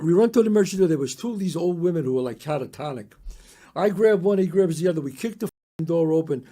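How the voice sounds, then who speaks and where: An older man from the Bronx, telling a story as a podcast guest in a lively, profane way, acting out the other people's voices. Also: fairly high pitch. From the Bronx, New York. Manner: animated, profane, acts out the voices in his story. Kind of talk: casual storytelling.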